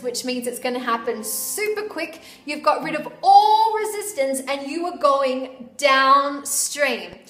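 A woman's voice: high-pitched, fairly bright tone. A woman vlogging to camera, gushing and affectionate, who keeps calling the viewer "my love.". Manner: bubbly and upbeat. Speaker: wellness vlogger. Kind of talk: excited talk to camera. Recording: echoey room with faint background music.

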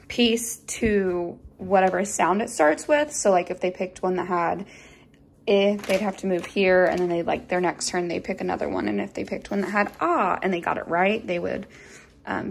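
A woman's voice: medium pitch, moderate pace, vocal fry, slight background noise. Chatty young woman vlogging. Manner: chatty, conversational. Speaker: kindergarten teacher. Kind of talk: casual vlog chat.

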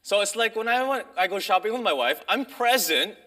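Male preacher, slightly high bright voice, casual unhurried sermon delivery with pauses and fillers, church setting. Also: animated. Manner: conversational, pausing, restarts with fillers. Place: church sanctuary.

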